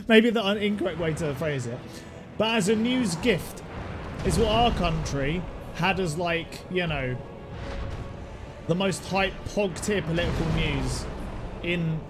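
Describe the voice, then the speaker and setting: A young British man streaming a game, rambling casually, swearing freely, laughing often and shouting at the game now and then. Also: high-pitched. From United Kingdom. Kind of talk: casual live-stream chat while gaming.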